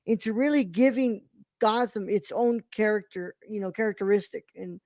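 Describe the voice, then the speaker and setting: A woman's voice: mid-range voice, normal speed, dark tone, no room sound, studio quality. A woman co-hosting a podcast, reviewing a film in casual chat, rambling with many restarts and plenty of enthusiasm. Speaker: podcast co-host.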